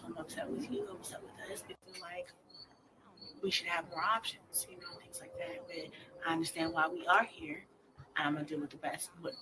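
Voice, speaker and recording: A woman in her twenties telling her story as a mother, blunt and profane, often dropping to a near-whisper. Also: low-pitched. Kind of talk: candid personal storytelling. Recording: noisy clip played in a reaction video.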